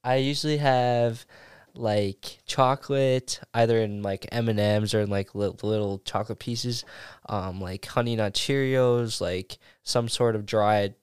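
Smooth-voiced young man rambling casually. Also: on the low side, steady tone, unhurried, no echo, studio quality. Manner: rambling with many fillers. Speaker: guest. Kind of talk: casual chat.

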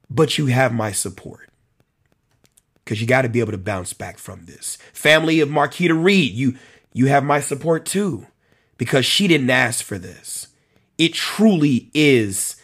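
A man talks through a live stream, reading viewer comments aloud and answering them one by one. His voice is husky and his pitch moves a lot as he makes his points. He keeps circling back to the same phrase to press it home. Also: a bit bright. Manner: conversational, repeats phrases for emphasis, addresses commenters by name. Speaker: host of a policing talk show.

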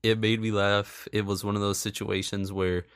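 A man's voice: on the low side, flat delivery, normal speed, smooth, dry recording, studio quality. A man giving casual, sarcastic movie commentary, swearing freely and laughing often. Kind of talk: casual film review commentary.

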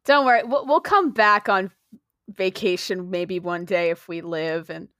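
A woman's voice: lowish voice, measured pace, a bit bright, no echo, clean studio sound. A woman playing in a tabletop game, chatting playfully and narrating her character's actions. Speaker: player. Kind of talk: tabletop role-play chat.

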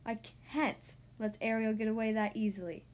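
A woman voicing a scheming, evil female sea witch in a storybook reading, drawn-out and gloating. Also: fairly high pitch, flat delivery, a little mellow, pitched below the performer's own voice, natural voice.

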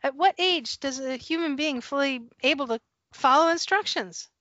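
A high-voiced woman on a podcast casually tells a story from her years as a retail store manager, laughing throughout and acting out the conversations. She talks at a moderate pace on a lo-fi recording with no room sound.

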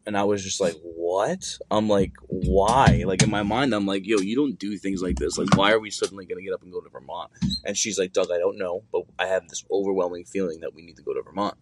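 A man's voice: sits low, quick pace, slight background noise. A young adult man casually telling a long personal story, rambling and swearing with many fillers and restarts.

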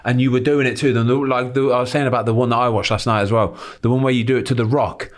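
An English man co-hosts a podcast in the studio, chatting eagerly and laughing along with his guest. He talks at a middle pitch, and his casual questions tumble out. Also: fairly even intonation, quick pace. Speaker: podcast co-host. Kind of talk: casual interview chat.

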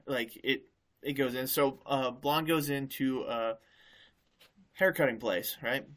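Bright-voiced rambling podcast host man. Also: medium pitch, slow. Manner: rambling, swears casually. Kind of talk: casual podcast chat, telling jokes.

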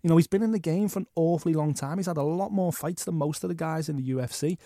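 A man co-hosting a sports podcast, talking in a fast, animated and opinionated way. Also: on the high side, no echo, studio quality. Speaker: podcast co-host. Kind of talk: casual sports chat.

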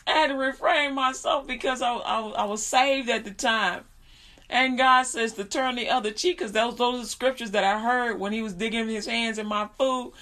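A woman preaching in an informal storytelling style, animated, laughing often and repeating her phrases. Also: fairly high pitch, moderate pace.

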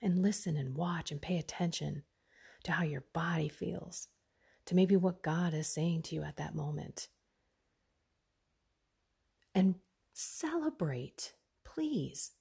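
Slow, husky woman giving a faith talk. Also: low voice, steady tone. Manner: earnest, softly urging, drops into whispers. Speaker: podcast host.

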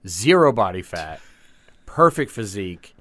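A man's voice: on the low side, very animated, measured pace, fairly bright tone. A man in his fifties, a podcast co-host, riffing on a movie with dry, wisecracking jokes in casual chat. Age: 50s.

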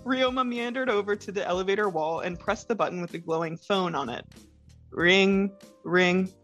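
A woman's voice: medium pitch, quick pace, a bit bright, muffled recording, faint music behind. Easygoing young woman reading aloud. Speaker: co-host reading fanfic. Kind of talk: casual storytelling read-aloud.

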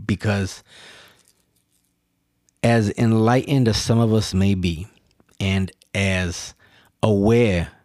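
Slow, low-voiced man musing aloud. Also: steady tone, a little mellow, dry recording, studio quality. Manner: earnest, emphatic, repeats words and restarts, addresses listeners directly. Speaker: podcast host. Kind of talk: solo reflective monologue.

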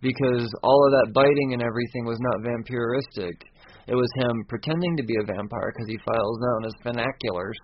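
A man talks his way loosely through a story recap, cursing freely, stumbling over words and chuckling at himself. His voice sits at an ordinary middle pitch. The recording is a bit dull and lo-fi, with a faint hiss underneath. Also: brisk. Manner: rambling, profane, laughs at himself. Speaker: comic book recapper. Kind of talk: casual spoken recap.

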